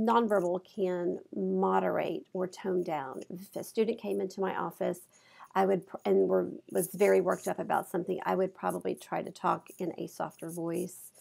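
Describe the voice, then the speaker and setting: A woman lecturing in a gravelly, low, flat voice, a little stuffy from allergies. She talks in a loose, conversational way, full of examples and small fillers. Her tone stays dark and mellow. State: congested from allergies. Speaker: college instructor. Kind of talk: recorded lecture. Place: office. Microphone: clip-on mic.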